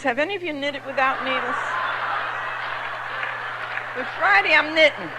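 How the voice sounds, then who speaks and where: An older woman from New York with a New York accent, telling her personal story to an audience as a recovery meeting speaker, lively and humorous. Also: high voice, moderate pace, over a noisy crowd, heavy background noise. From New York City. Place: large meeting hall. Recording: echoey hall recording.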